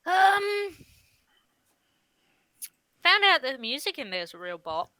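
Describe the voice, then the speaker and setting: A woman chatting as a player in a tabletop game, insistent as she explains what she knows. Her voice is high and bright, and the recording is dry with no room sound. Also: big pitch swings, unhurried, no echo. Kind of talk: casual tabletop play.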